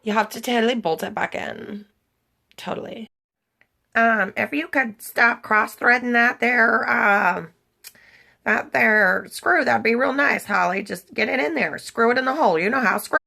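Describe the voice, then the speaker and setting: A woman's voice: on the high side, measured pace, creaky, pushed and bright, heavily acted. Woman putting on a bubbly Valley Girl. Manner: peppy, sprinkled with like and totally.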